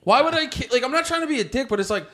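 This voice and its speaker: A man's voice: very high voice, animated, rapid-fire, heavy background noise. A man co-hosting a comedy podcast, riffing casually with profanity and frequent laughter. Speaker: podcast co-host.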